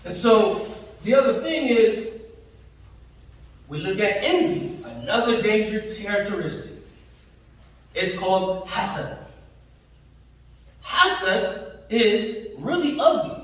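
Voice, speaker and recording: High-voiced man preaching in an echoey hall. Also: lively intonation, slow pace, pauses often, a bit bright, recorded from a distance. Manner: emphatic, slangy, acts out everyday voices. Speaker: Friday prayer preacher. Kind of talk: sermon. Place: mosque hall.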